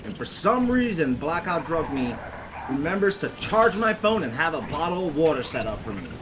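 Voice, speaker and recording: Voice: mid-range voice, big pitch swings, moderate pace. A gamer ranting animatedly in casual chat over gameplay, swearing a lot. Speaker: gameplay commentator. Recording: noisy recording.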